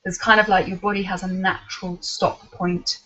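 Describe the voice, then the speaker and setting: A woman's voice: mid-range voice, level tone, normal speed, a bit bright. Female workshop host, reads comments aloud, muffled lo-fi sound. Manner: reads out listener comments and replies. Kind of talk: online workshop talk. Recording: dull lo-fi recording.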